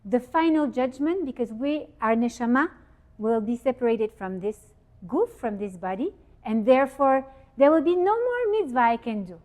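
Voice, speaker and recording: A woman giving an informal religious talk at a holiday event, lively and asking her listeners questions. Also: fairly high pitch, moderate pace. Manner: lively, asks the audience questions. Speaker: speaker giving a Torah talk. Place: event hall with audience.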